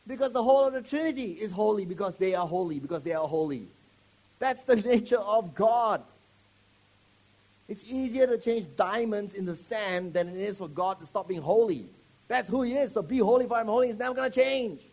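Male preacher, fairly high voice, lively and jokey, throws questions at the crowd. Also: normal speed. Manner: animated, joking, quizzes the audience. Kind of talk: sermon to a live congregation.

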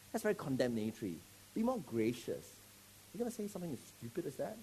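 Male preacher, fairly high voice, lively and jokey, throws questions at the crowd. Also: quick pace, a little hiss or hum. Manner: animated, joking, quizzes the audience. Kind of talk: sermon to a live congregation.

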